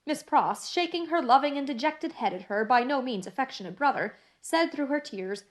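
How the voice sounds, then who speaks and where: A woman narrating a classic novel in a measured, even reading style. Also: high-pitched. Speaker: audiobook narrator.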